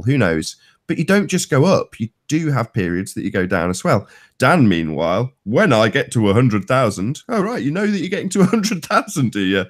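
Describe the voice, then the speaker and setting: A man hosting a casual chat, mocking and sarcastic, often laughing and acting out quotes he reads. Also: fairly low pitch. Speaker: host of a chat stream.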